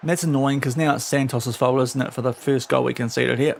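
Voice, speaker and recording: A man's voice: mid-range voice, fairly even intonation, a little fast, vocal fry, few pauses. A young man streaming a football management game, talking casually and scolding his virtual players in exasperation. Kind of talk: casual live-stream commentary.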